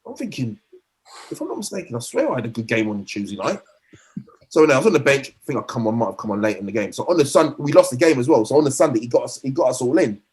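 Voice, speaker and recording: A middle-aged man talks quickly, telling a long stretch of football stories. His pitch sits in the middle of the male range. He keeps restarting his sentences and slips into voicing the people he quotes. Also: very animated, a little mellow. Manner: rambling anecdotes with frequent restarts and acted quotes. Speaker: former footballer guest. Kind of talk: storytelling in a podcast interview.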